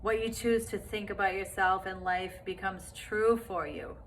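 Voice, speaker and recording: A woman's voice: medium pitch, steady tone, unhurried, slight background noise. A woman teaching a self-love course in a casual, encouraging way, full of fillers and asides. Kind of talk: spoken course lesson.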